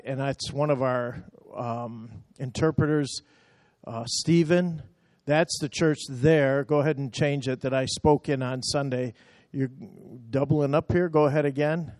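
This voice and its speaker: Man, slow, dry close sound, chatty slideshow talk, emotional. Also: on the high side, darkish tone, no room sound. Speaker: pastor showing mission trip slides.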